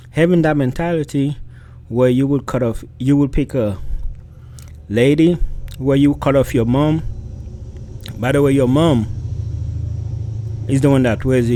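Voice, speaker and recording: A man's voice: medium pitch, dark tone. A man hosting a reaction video, giving emphatic, rhetorical commentary. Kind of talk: casual commentary.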